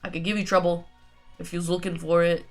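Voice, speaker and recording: A woman's voice: lowish voice, little pitch movement, fairly quick, faint music behind, lightly acted. A woman voicing a cocky, fight-picking male bird creature from a game in a put-on vague New York accent. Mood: challenging.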